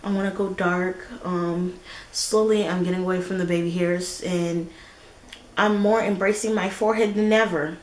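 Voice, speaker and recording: A woman's voice: on the low side, steady tone, normal speed, a little hiss or hum, low-quality recording. A woman vlogging in a casual, chatty way, talking straight to her viewers. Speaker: lifestyle vlogger. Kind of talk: casual vlog chat to camera.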